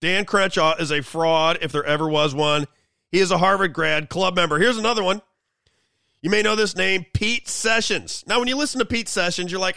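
Gravelly high-voiced male host. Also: normal speed, bright, forceful tone, dry recording. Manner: sarcastic, mocking. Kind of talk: political commentary monologue.

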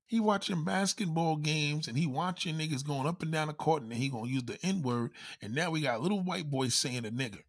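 A man ranting in a loud, profane, comedic style, constantly swearing and acting out quoted voices. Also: a little high, fairly quick, few pauses.

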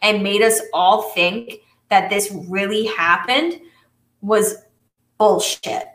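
A woman co-hosting a podcast in casual chat, animated and exasperated, talking with plenty of fillers. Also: medium pitch, slow pace, roomy sound. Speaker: podcast co-host.

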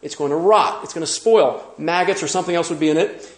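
Male pastor, high voice, lively sermon, rhetorical questions, echoey sanctuary. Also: quick pace. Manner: animated preaching with rhetorical questions.

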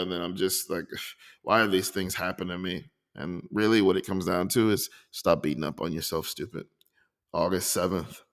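Low-voiced man reading his own poems. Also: a bit bright, in a large hall. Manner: reflective, confessional, slows down to read poems. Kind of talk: personal podcast monologue with poetry readings.

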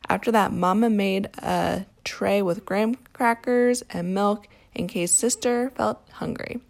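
A woman reading a picture book aloud to a child, telling the story in a calm, steady way. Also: medium pitch, a little slow, gravelly. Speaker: storybook reader.

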